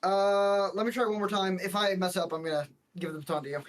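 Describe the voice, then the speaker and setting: A man's voice: sits high, quick pace. A man playing a tabletop game, talking in a rambling, hesitant way with many restarts. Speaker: player. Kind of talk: casual tabletop game chat.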